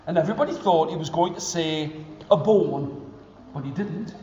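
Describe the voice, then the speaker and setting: A man telling a story to schoolchildren, lively and interactive, prompting them to join in with actions. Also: sits high, normal speed. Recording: echoey hall, dull lo-fi sound.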